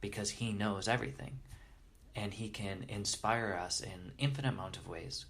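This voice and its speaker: A man's voice: on the low side, normal speed, creaky, fairly bright tone. A man in an interview earnestly and reverently telling stories, often restarting his sentences as he goes. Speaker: interview guest. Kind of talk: storytelling in conversation.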